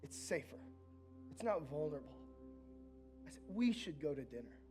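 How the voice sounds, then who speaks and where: A male pastor preaches with an earnest, personal delivery. His voice sits a little high for a man, and it drops from emphatic lines into hushed asides. Faint music plays under the sermon. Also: big pitch swings, moderate pace. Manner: earnest, swings from loud to soft intimate asides. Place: church.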